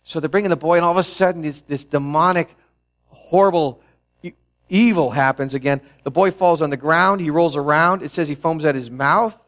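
A man preaches a sermon from the pulpit, his voice sitting a little high. He talks to the congregation casually, then builds to emphatic stretches. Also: brisk, a bit bright. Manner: conversational preaching, rising to emphatic peaks. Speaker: pastor.

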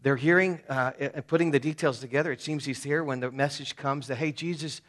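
A man's voice: medium pitch, steady tone, a little fast, fairly bright tone. A man preaching a sermon at a church service, casual and conversational, dropping in slang as he talks. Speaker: pastor.

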